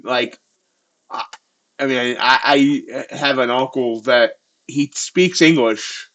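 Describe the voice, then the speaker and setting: A man's voice: mid-range voice, slow, fairly bright tone. A man from eastern Pennsylvania hosting a live stream, bantering casually with viewers in a loose, rambling way.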